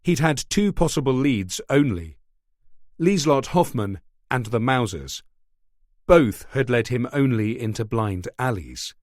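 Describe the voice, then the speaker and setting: A male narrator reading a thriller in a steady, measured voice. His pitch sits mid-range for a man. The recording is dry and close. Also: no room sound. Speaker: audiobook narrator. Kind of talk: scripted narration.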